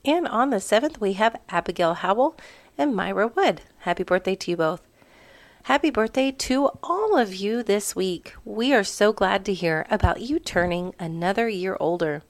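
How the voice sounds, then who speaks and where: A woman's voice: medium pitch, animated, moderate pace, no echo. A woman hosting a program, giving upbeat birthday wishes. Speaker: program host. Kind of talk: birthday announcements.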